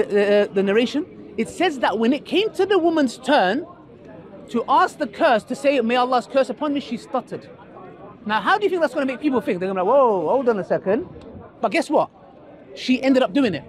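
A young man argues his case at an outdoor debate, his voice sitting very high and swinging widely as he fires rhetorical questions at his listener. A crowd murmurs faintly around him in the open park. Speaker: street preacher.

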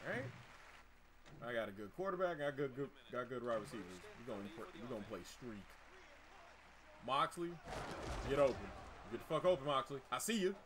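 A man's voice: medium pitch, expressive, fairly quick, long pauses, background noise. A man streaming live gameplay, trash-talking the game in a boastful, profane way.

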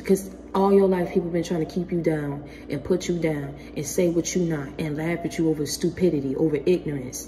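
Deep-voiced woman giving a spiritual pep talk. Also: mellow. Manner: earnest, slangy, calls listeners baby. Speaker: spiritual motivational speaker.

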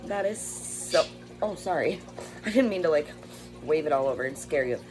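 A woman's voice: low-pitched, expressive, normal speed, low-quality recording. A woman chatting casually while unboxing bird toys, gushing over them and talking to her pet birds at home. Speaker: bird rescue vlogger.

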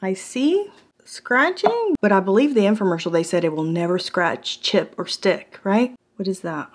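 Speaking at medium pitch and a moderate pace, a woman reviews cookware at a home kitchen counter in a put-on American country twang. She's a product reviewer vlogger whose casual, chatty test is animated and jokey, full of laughing asides.

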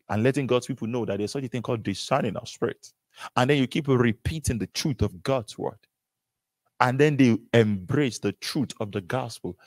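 A man delivers a sermon with animated, repetitive emphasis and frequent rhetorical questions. His pitch rises and falls widely as he presses each point. The sound is dry, with no room echo. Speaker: preacher.

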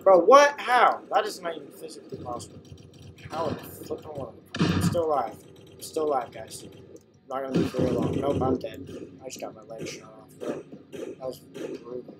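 A young man giving excitable live commentary while playing a video game, yelping and shrieking whenever his character dies. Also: medium pitch, fairly quick, very noisy. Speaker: gamer.

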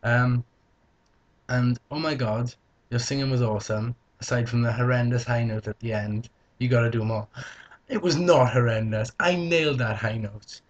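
A man's voice: mid-range voice, fairly even intonation, moderate pace. A young man vlogging casually, answering viewer questions in a joking, playful way. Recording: slightly dull lo-fi recording.

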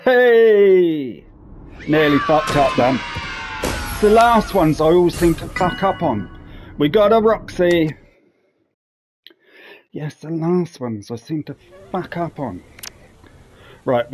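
A man giving casual, sweary commentary while playing a VR game and talking to himself. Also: a little high. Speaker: gaming commentator. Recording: clear background noise.

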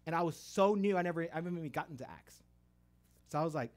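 A man's voice: fairly high pitch, fast. A man preaching a testimony sermon, telling stories animatedly and acting out voices in quoted dialogue. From Texas.

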